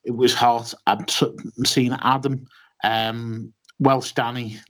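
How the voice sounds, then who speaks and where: A man's voice: medium pitch, flat delivery, takes it slowly. A man co-hosting a casual podcast chat, telling a long story with many ums and restarts. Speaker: podcast co-host.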